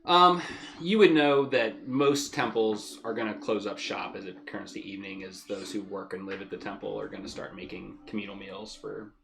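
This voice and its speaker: A man narrating as game master of a tabletop game, relaxed and descriptive with easy fillers. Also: lowish voice, normal speed, gravelly.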